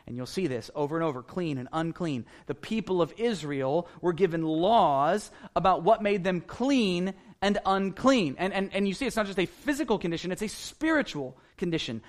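A man with a notably high voice delivers an earnest sermon. He repeats key phrases for emphasis and presses his points with growing intensity. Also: expressive, normal speed, hardly any pauses. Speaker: pastor.

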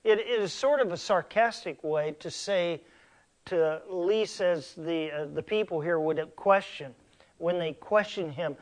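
A middle-aged man preaching a sermon as pastor, slow and emphatic, asking the congregation rhetorical questions. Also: high voice.

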